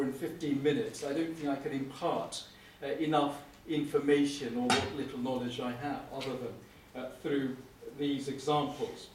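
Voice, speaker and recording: A middle-aged man, a prosecuting barrister, giving a wry, anecdotal conference lecture with frequent "uh" pauses. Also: mid-range voice. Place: lecture hall. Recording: echoey room, speaker far from mic, faint hum.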